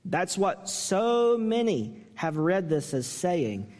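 A male pastor preaching with earnest emphasis and a fairly high voice. He presses the congregation with pointed questions and lets his pitch climb when he mimics a harsh reading. The sound carries a long reverb, as in a church hall. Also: sing-song, slow pace, a little mellow. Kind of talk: sermon.

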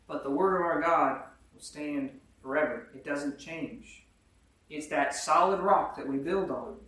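A man with a somewhat high voice delivers a sermon, leaning hard on each verse and then breaking it down in everyday words. He often asks his listeners questions. He sounds far from the mic, in a very echoey church hall. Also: fairly bright tone. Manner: reads verses slowly and emphatically, then explains in plain talk. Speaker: preacher. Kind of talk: sermon with scripture reading. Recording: very echoey room, voice from afar.

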